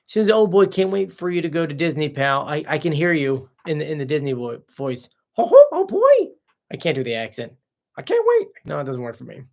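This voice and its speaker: A man's voice: on the high side, fast, vocal fry, hardly any pauses. A man hosting a casual live stream, chatting off the cuff as he reads out viewer comments and answers them.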